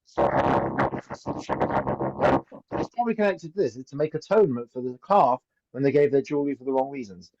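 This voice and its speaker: A man's voice: medium pitch, very animated, fairly quick, long pauses, a little mellow. A man teaching an informal Torah class as a rabbi, chatty and anecdotal, often asking "right?". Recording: dull lo-fi recording.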